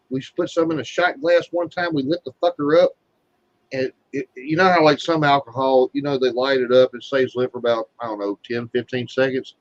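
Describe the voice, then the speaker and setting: Here the interviewee's voice sits fairly high, with no echo, as he swears his way through rambling, casual stories. The sound is dry, dull, and lo-fi.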